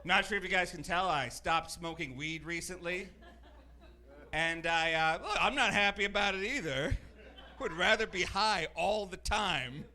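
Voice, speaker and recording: A young man doing a stand-up comedy set on a club stage, rambling with deadpan asides and hesitant fillers. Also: sits high, measured pace. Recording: roomy club with live crowd.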